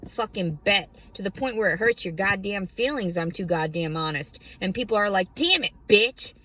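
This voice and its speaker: A woman's voice: medium pitch, moderate pace, fairly bright tone, dry recording. A woman vlogger ranting to camera about her life, blunt, heated and full of profanity. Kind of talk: angry personal rant to camera.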